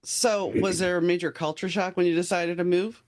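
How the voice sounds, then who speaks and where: A man's voice: sits high, level tone, moderate pace, a little hiss or hum. A man from New Orleans hosting a casual interview, asking questions and sharing his own stories. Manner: conversational, shares own stories. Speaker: show host.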